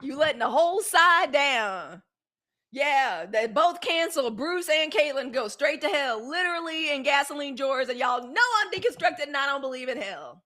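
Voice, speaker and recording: A high-pitched woman hosting a live streamed news show, talking in a loose, casual way straight to her audience. She is chatty and outspoken, and she slips easily into blunt, profane rants. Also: expressive, moderate pace, sharp tone. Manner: chatty, outspoken, addresses viewers as y'all and girl.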